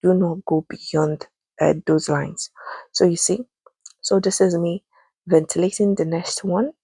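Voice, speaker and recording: Low gravelly woman with a Nigerian accent. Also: steady tone, dark tone, dry recording. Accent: Nigerian English. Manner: patient, repeats instructions, slow and emphatic. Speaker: wig-making tutor. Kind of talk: voice-over tutorial.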